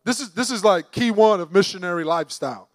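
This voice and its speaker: High-voiced man preaching a sermon. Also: fast, no room sound. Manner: emphatic, conversational preaching with rhetorical questions.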